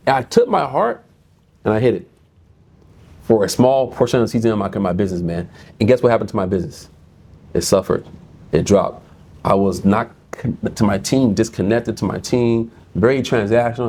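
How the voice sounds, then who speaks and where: A man's voice: medium pitch, fairly quick. A middle-aged man from the United States, a guest talking about his business in a casual interview and telling stories with lots of repetition. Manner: animated storyteller, repeats words often. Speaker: guest, insurance business owner.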